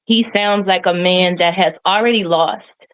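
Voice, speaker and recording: A woman co-hosting a casual commentary chat, animated and incredulous as she makes her points. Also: on the low side, a little slow, highs cut off.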